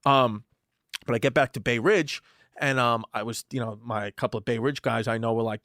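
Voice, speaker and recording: A man's voice: mid-range voice, steady tone, normal speed, a bit bright, dry recording, clean studio sound. A man in his thirties with a New York accent, a podcast co-host telling rambling, profane stories in casual comedic chat. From Brooklyn, New York. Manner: rambling, profane storytelling with many restarts.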